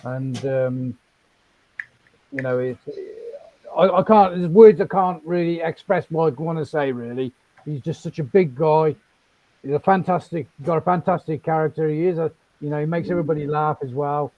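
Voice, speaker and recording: A man's voice: on the high side, normal speed, dry recording, lo-fi sound. A man on a video call hesitantly praising a friend for his birthday. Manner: warm praise, hesitant, with fillers. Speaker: guest on a live call. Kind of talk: birthday tribute.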